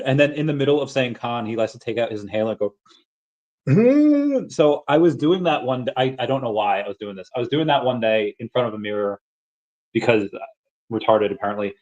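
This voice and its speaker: The recording has its highs cut off, and the medium-pitched man talks fast. He's casually hosting a crypto livestream, going through chat comments and talking with viewers, full of fillers and restarts, with bursts of shouted movie-quote impressions.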